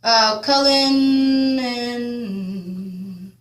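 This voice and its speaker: A woman from Houston, Texas, vlogs emotional commentary in a heated, blunt, profane way, rambling with many fillers. Her voice is on the high side, steady in tone, and very slow. She sounds a bit far from the mic in an echoey room.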